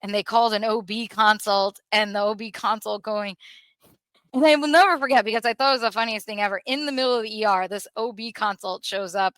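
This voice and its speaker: A woman in her thirties with a bright, forceful voice tells a personal story on a podcast, candid and animated, slipping into the voices of the people in it. The sound is dry and close, with no room around it. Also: mid-range voice, fairly quick, clear, resonant tone, dry recording. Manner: candid, animated retelling with acted quotes. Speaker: podcast host.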